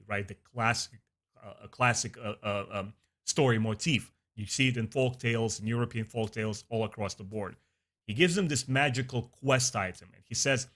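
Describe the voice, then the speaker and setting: A man's voice: mid-range voice, animated, normal speed, fairly bright tone. A man casually recapping a TV episode, enthusiastic and chatty with many fillers. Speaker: TV episode reviewer.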